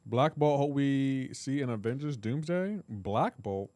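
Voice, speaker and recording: A male game streamer talking casually with his live chat, quick to joke and tease. His voice sits in a middle range and comes through a dry, close microphone. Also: mid-range voice, lively intonation, warm tone, no room sound. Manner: joking, reads and answers chat aloud.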